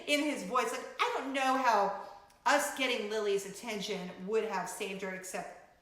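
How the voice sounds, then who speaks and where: A woman in her forties hosting a casual vlog, telling a story in an animated, dramatic way and laughing often. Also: a little high, normal speed. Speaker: vlogger host. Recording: very echoey room.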